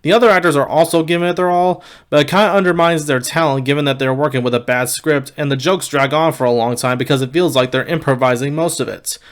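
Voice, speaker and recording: Young male film reviewer with a slightly raised pitch and a candid, wry delivery. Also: steady tone, fast, hardly any pauses. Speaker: movie reviewer. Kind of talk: casual video review.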